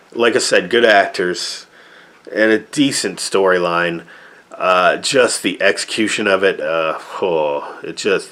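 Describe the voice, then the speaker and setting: A man's voice: deep voice, a bit bright. A man giving a rambling, sarcastic review of an old movie, often exasperated and full of fillers.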